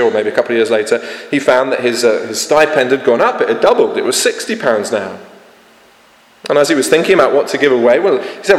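A man preaching from the front of a church, speaking in an earnest, conversational way that is full of fillers and restarts. His voice sits at an ordinary middle pitch. It rings with a long, roomy reverb through the hall. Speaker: vicar. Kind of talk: sermon.

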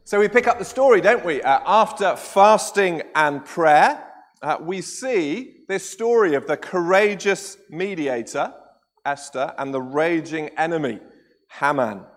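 Animated high-voiced preacher. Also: male voice, measured pace. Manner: animated storytelling with tag questions. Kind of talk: sermon. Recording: echoey church hall with long reverb.

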